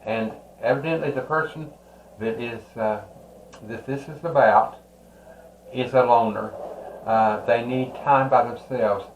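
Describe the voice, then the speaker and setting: A man giving a slow, rambling tarot card reading, pausing often with "uh". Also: mid-range voice, roomy sound, muffled recording, a little hiss or hum. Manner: slow, rambling, with many "uh" pauses. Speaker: tarot reader.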